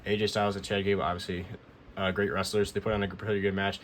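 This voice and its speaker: Low-voiced man rambling through a recap. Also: little pitch movement, quick pace, a little hiss or hum. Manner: rambling, repeats "he goes" often. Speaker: wrestling recap vlogger. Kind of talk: casual show recap.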